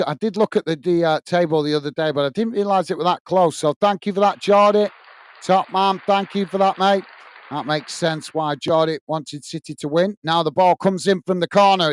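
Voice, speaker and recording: Guy doing live footy commentary for a watch-along, high voice, smooth and clear, chatty, shouts out viewers. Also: no echo. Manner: chatty, thanks viewers by name; calls the action steadily, blow by blow. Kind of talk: live play-by-play commentary with chat shout-outs.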